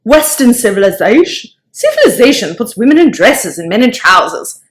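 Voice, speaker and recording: Brief: woman doing a cocky young rocker guy, foul-mouthed, loud and blunt, put-on accent. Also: fairly high pitch, big pitch swings, moderate pace. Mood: brash. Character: brash young male rock singer, swearing.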